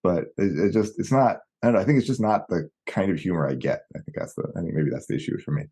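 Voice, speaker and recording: A man with a husky voice, talking in a hesitant, rambling way on a casual podcast. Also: low-pitched, animated, fast, dark tone.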